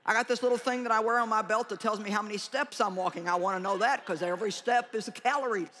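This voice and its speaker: An older woman preaching a humorous conference sermon, animated and joking as she acts out little prayers and conversations. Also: medium pitch, quick pace, slight background noise.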